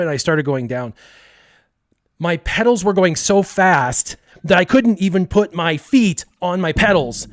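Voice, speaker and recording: Animated storytelling streamer, a man. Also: high-pitched, normal speed. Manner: animated, acts out the voices of people in his story; many fillers like "um" and "like". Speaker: streamer host. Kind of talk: casual storytelling to a live chat.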